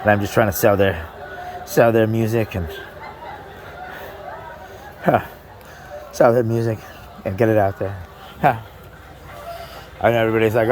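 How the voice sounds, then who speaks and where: A man's voice: fairly low pitch, fairly even intonation, a little slow, long pauses, a little mellow, a little hiss or hum, rough recording. A man doing a stand-up comedy set in a club, rambling, breaking off mid-sentence and laughing at his own jokes.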